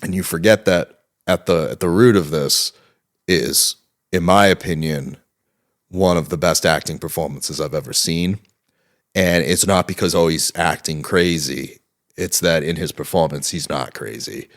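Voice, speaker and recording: A young man with a very deep, low voice, speaking as a guest in a relaxed interview. He tells his story with lively energy and swears freely along the way. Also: measured pace. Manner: animated storytelling, heavy swearing. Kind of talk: casual interview talk.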